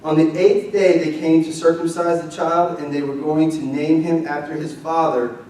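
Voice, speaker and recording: A young man preaching a lively, conversational sermon as pastor, leading the congregation in call-and-response. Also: a little high, moderate pace, a little hiss or hum. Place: church sanctuary. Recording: roomy distant church mic.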